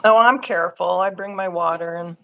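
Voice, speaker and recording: A woman's voice: on the low side, fairly quick, a bit bright, slight background noise, rough recording. A middle-aged woman from Missouri, a giggly, chatty guest on a casual livestream.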